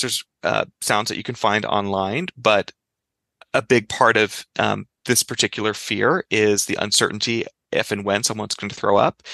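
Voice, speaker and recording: A man speaking as a clinical psychologist guest in a conversational interview, explaining in a lively way and giving examples. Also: on the low side, vocal fry, no echo.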